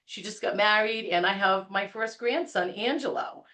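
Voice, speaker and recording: A woman in her fifties with a New England accent, a guest telling stories on a podcast in a lively, laughing way. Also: mid-range voice, normal speed. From Rhode Island, USA. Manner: animated, laughing storyteller. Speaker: guest realtor. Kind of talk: casual podcast storytelling.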